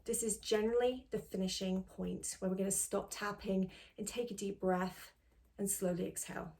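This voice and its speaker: A woman coach teaching beginners a tapping routine in a gentle, reassuring, step-by-step way. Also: medium pitch, level tone, normal speed. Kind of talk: instructional tutorial.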